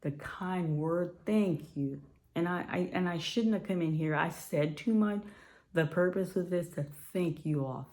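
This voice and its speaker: This woman's voice runs low and unhurried, with a darkish tone. She's an independent filmmaker from Ohio, USA, addressing her viewers directly in a casual, blunt, emphatic way and repeating words to drive points home.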